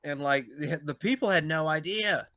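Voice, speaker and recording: A man telling a backstage story in casual chat, animated and swearing, acting out quotes in loud bursts. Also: on the high side, normal speed, no room sound. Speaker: pro wrestler, podcast guest.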